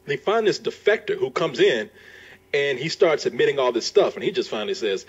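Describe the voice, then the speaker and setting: A man reviewing a movie in casual chat, retelling scenes with animated, laughing energy. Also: fairly high pitch, fairly quick, breathy edge. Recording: muffled lo-fi recording.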